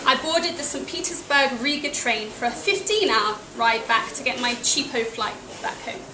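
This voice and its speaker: Young English woman, high voice, dry self-mocking storyteller at a cafe event, roomy and noisy. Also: expressive, normal speed. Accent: British English. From England. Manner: wry, self-deprecating, with small laughs. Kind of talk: personal travel story told to an audience. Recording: echoey cafe with noisy ambience.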